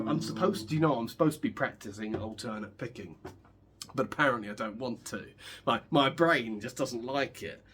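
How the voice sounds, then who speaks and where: A young man chatting casually as a guitar vlogger while he practices, rambling and joking with many restarts. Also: medium pitch. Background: guitar playing.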